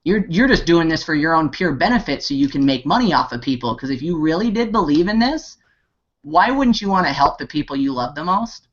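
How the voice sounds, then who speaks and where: Pitched fairly high, with lively intonation and a fairly quick pace, this man rambles through a pep talk as a network marketing team leader on an online hangout. He leans heavily on "you know" and other fillers, restarts often, and speaks with passion. The video call audio is dull and lo-fi.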